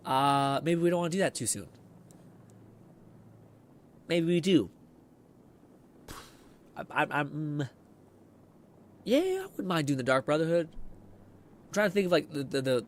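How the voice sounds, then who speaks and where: A hoarse man with a mid-range voice streams a game while casually commenting on it. He rambles, swears freely and reads chat messages aloud.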